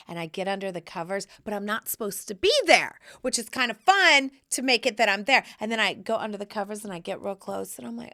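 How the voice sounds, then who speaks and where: A woman in her forties hosting a podcast, chatting in a playful, cheeky and expressive way. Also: medium pitch, a little fast, few pauses. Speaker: podcast host. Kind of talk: casual solo podcast chat.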